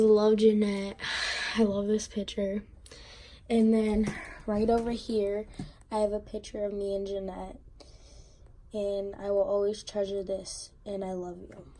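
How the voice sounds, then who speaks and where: A teenage girl telling an emotional personal story to camera, halting and on the verge of tears, with many fillers and restarts. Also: mid-range voice, dark tone. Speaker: vlogger.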